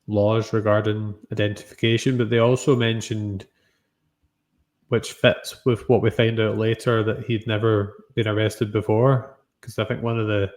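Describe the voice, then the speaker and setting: A man co-hosting a chat about a TV episode, offering careful, hedged readings. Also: lowish voice. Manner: measured, analytical, hedging. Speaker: podcast co-host reviewing TV. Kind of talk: casual chat.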